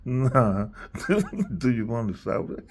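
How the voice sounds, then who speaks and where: A man's voice: medium pitch, sing-song, slow pace, slight background noise. A man chatting casually and rambling, laughing often and sometimes dropping to a whisper.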